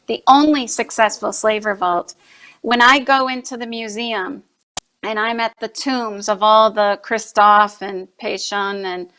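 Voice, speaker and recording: Bright-voiced impassioned woman guest. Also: mid-range voice, steady tone, measured pace. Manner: earnest, forceful, repeats herself for emphasis. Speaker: guest, anti-trafficking activist; mother. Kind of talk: impassioned interview answers.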